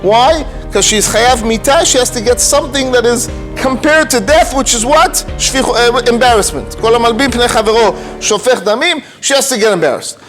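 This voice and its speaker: A man, a rabbi, telling a story in an animated way and mixing Hebrew and Yiddish terms into his talk. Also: very high-pitched, normal speed, hardly any pauses, soft background music. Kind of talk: storytelling lecture.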